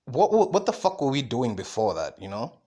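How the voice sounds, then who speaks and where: Man, mid-pitched, solo podcast monologue, rambling, swears, many fillers and restarts. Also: very animated, fairly quick, mellow, breathy edge. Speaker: podcast host.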